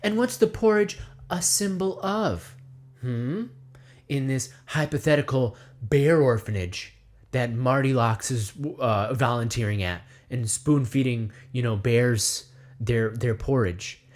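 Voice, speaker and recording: Rambling man musing in third person. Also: mid-range voice. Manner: self-referring in third person, rambling, rhetorical questions; acts out voices in quick asides. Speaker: comedy video essayist. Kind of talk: rambling satirical monologue.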